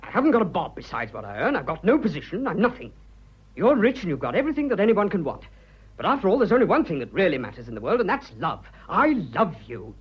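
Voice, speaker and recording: A man's voice: high-pitched, wildly swooping pitch, fast, husky, heavily acted. An English actor playing an earnest, bashful young businessman declaring his love, in 1940s radio acting. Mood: flustered, ardent. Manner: bashful, blustering, eager. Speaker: suitor. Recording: dull old radio broadcast.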